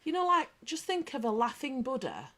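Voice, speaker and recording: A woman's voice: high-pitched, moderate pace. Chatty British woman hosting a livestream. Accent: British English. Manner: chatty, bantering, reads comments aloud; lively anecdotal storyteller. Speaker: livestream host. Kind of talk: casual live chat.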